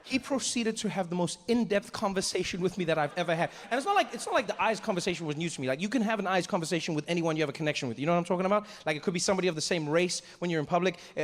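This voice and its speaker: A man from South Africa doing stand-up comedy on a theater stage with a handheld mic, telling stories in a conversational, animated way. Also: sits high, very fast, hardly any pauses. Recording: long reverb of a live theater with faint noise.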